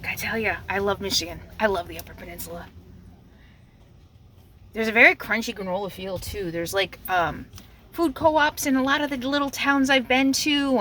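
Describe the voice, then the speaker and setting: A woman's voice: mid-range voice, pushed and bright, slight background noise. A woman chatting casually to the camera on a road-trip vlog, talking to her viewers and her dog. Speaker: RV travel vlogger.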